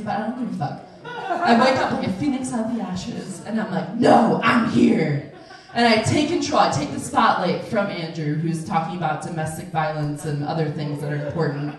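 A woman in her twenties telling a true personal story on stage, animated and laughing, acting out the voices of the people in it. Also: mid-range voice. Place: event room, audience. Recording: very echoey room, voice from a distance.

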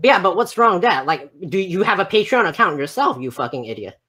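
A man's voice: high-pitched, big pitch swings, brisk, bright, forceful tone, slightly rough. A man arguing as a guest on a live stream, repeating himself and stumbling over words. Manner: argumentative, repetitive, stammering. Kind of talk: heated live-stream debate.

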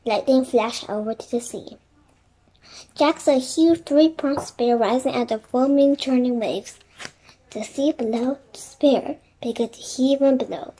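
High-voiced woman narrating a kids' chapter book aloud, gentle and quiet. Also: a little slow, a little hiss or hum, poor audio. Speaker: storybook reader.

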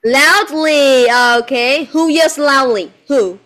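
A woman teaching English one-on-one to a child. Her voice is high, and her delivery is slow and deliberate. She quizzes with patient, repeated yes-no questions and slips into now and then. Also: a bit bright. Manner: mixes in Vietnamese phrases.

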